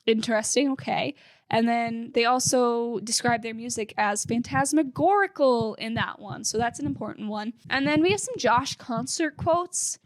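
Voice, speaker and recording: Chatty, high-voiced young woman podcast host. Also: moderate pace, dry recording, clean studio sound. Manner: chatty and upbeat, lots of "like" fillers. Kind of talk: casual fan podcast chat.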